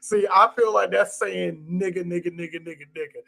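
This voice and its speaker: A man co-hosting a podcast, chatting casually about a movie in animated, joking banter and repeating phrases for emphasis. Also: sits high, normal speed, vocal fry, few pauses. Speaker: podcast co-host.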